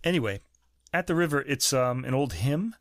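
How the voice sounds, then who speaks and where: A podcast co-host chats about music in a jokey, opinionated review, filling his talk with fillers. His medium-pitched voice is animated and fairly bright, at a normal speed, recorded on a podcast mic with studio quality and no room sound.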